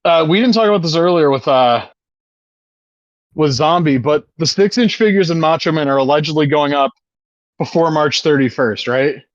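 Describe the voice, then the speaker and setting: A man's voice: a little high, normal speed, dry recording, dull audio. A man co-hosting a podcast in casual chat, swearing often and talking with eager enthusiasm. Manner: profane, enthusiastic wrestling fan. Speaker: podcast co-host.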